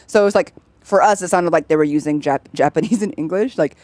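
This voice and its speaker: This young woman speaks very fast in a low-pitched, slightly mellow voice, and the recording is dry. She chats casually while streaming a game, laughing a lot as she explains things and mimicking voices in her stories.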